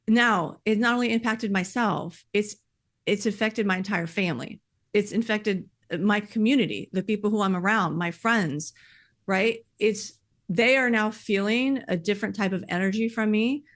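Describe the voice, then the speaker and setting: Woman on a podcast, heartfelt and earnest, medium pitch, lots of "like" and "you know". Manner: heartfelt, animated, often says "like" and "you know". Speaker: podcast speaker sharing personal experience. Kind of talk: earnest conversational podcast talk.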